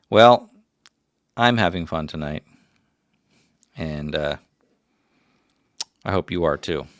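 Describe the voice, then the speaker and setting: A man's voice: deep voice, gravelly, no echo, studio quality. A middle-aged man hosting a casual livestream, rambling through stories with self-mocking jokes. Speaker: livestream host.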